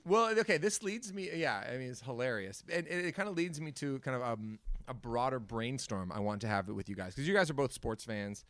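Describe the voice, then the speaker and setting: Podcast host, male, mid-pitched, chatty and rambling, close dry mic. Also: lively intonation, a little fast, few pauses, a bit bright, no echo. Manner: rambling, many fillers and restarts. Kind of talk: casual chat.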